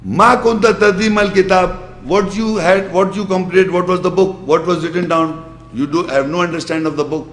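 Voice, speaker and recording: A man giving a religious lecture, asking his listeners pointed questions and quickly reciting Arabic verses before explaining them. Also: fairly high pitch, fairly even intonation. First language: Urdu. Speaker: Islamic lecturer. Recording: echoey hall.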